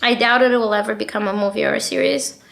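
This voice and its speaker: A woman in casual chat as a guest author, blunt and profane, full of fillers and quick restarts. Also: on the high side, fairly even intonation, vocal fry, a bit bright. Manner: talks fast with many fillers and restarts.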